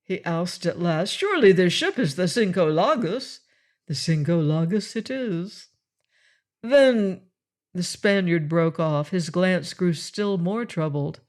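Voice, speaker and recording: A man's voice: sits high, animated, takes it slowly. A man doing an anguished Spanish pirate captain. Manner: agitated, exclaiming in alarm.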